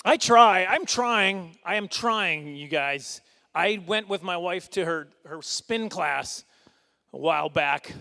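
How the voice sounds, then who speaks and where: The voice sits high, expressive, pushed and bright, with vocal fry. It belongs to a middle-aged man doing a rambling, self-deprecating stand-up routine at a fundraising dinner, dotted with quick asides and chuckles.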